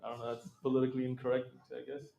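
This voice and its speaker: A middle-aged man as an interview guest, telling stories in a lively, casual way, acting out quoted voices and laughing often. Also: medium pitch, rapid-fire, vocal fry, echoey room, highs cut off.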